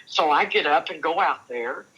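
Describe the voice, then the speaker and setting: A woman's voice: deep voice, lively intonation, a bit bright, breathy edge, rough recording. An older woman, a guest on an interview show, telling her own story earnestly, often restarting her sentences. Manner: earnest, halting, with repeated restarts. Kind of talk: personal testimony in an interview.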